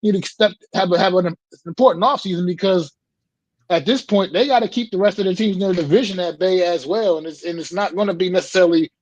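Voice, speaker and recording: A man's voice: sits high, fast, dry recording, rough recording. A man co-hosting a casual sports talk show, rambling and swearing before handing off a question. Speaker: podcast co-host.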